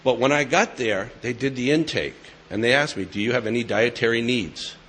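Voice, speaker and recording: A man's voice: medium pitch, brisk, a bit bright, slight background noise. A man sharing his recovery story with an audience in a casual, joking way, with a New England accent. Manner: conversational, joking asides. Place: meeting hall with live audience.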